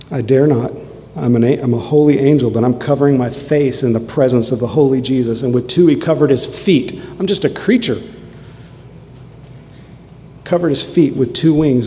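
A man's voice: medium pitch, normal speed, pauses often, warm tone. Fervent male preacher in reverberant hall. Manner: fervent, emphatic preaching with dramatic repetition. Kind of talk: sermon. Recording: long hall reverb, faint noise.

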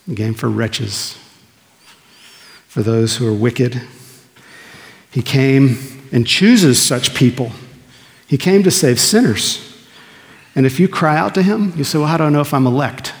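A man's voice: medium pitch, takes it slowly, gravelly, long pauses. A man in a middle register preaching an earnest sermon. He asks his listeners questions and answers them himself. His voice carries a long reverb, as if from a large church sanctuary. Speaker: pastor.

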